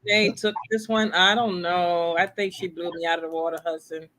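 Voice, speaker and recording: A man's voice: high-pitched, little pitch movement, a little fast, bright, forceful tone, a little hiss or hum. A man chatting casually as a guest player on a live game show stream, easygoing and playful. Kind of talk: casual chat.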